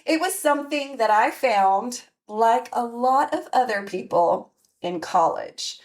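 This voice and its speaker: A woman's voice: a little high, lively intonation, slow pace. A woman in her forties hosting a podcast, talking candidly and reflectively with many fillers and restarts. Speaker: podcast host. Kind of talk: personal monologue.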